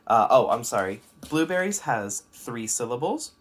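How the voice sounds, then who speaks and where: A man's voice: mid-range voice, expressive, brisk. Man, young adult, music teacher, home kitchen, friendly step-by-step explaining, rhythmic chanting. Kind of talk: home video music lesson.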